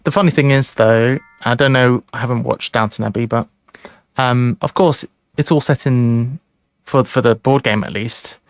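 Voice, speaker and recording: A man's voice: medium pitch, fairly even intonation, normal speed, clean tone, no room sound. A man hosting a live board game stream, chatting casually and thinking aloud over his moves. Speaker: streamer host. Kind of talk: casual chat during an online board game.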